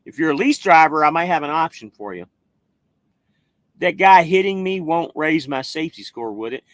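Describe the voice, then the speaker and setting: An American man hosting a trucking live stream. His voice sits a bit high, and he talks in a loose, rambling way with the odd swear. The sound is dry and close. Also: lively intonation, normal speed, a bit bright, no echo. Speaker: trucking livestream host. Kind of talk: casual live-stream chat reading viewer comments.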